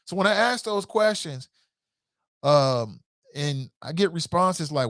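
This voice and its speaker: A man's voice: expressive, measured pace, fairly bright tone, no room sound, studio quality. Blunt, fired-up man hosting a call-in show. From Cincinnati. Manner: passionate, blunt, swears, swings from low mutters to high outbursts. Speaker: show host. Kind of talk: call-in talk show commentary.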